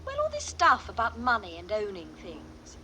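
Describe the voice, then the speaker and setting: A woman's voice: medium pitch, wildly swooping pitch, moderate pace, pushed and bright, a little hiss or hum, poor audio. An actress playing a spoiled, careless rich young woman in film dialogue. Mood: aloof.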